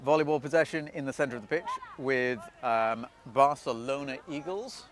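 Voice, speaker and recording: A man giving solo live play-by-play commentary beside an outdoor pitch, chatty and self-deprecating, often losing track of team names. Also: normal speed, crowd noise. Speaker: sports commentator.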